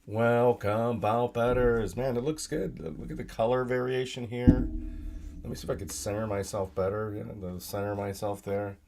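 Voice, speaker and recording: A man's voice: medium pitch, fairly even intonation, normal speed, darkish tone, a little hiss or hum. A tired man with a sore voice, hosting a solo live stream from his desk, rambling with lots of fillers and talking to himself as he clicks around his computer. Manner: rambling, filler-heavy, self-talk while using the computer. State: tired, sore voice from yelling at work. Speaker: podcast host. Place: home desk with laptop and monitor.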